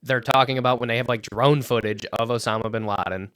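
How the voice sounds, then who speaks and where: A man co-hosting a casual sports podcast, telling stories with lots of swearing and acting out quotes loudly. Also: mid-range voice, fast, clean tone, no echo. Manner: animated storyteller, swears freely, acts out quotes loudly. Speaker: podcast co-host.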